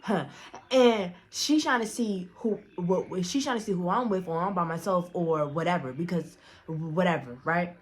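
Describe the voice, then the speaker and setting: A young woman with a lowish voice tells a casual storytime. She talks bluntly and swears freely. She stays animated and often restarts her sentences. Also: normal speed. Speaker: storyteller vlogger.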